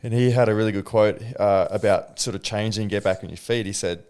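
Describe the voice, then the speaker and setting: Low-voiced podcast host, casual. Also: male voice, brisk, clear, resonant tone. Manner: relaxed, frequent short affirmations, casual swearing. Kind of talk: conversational interview.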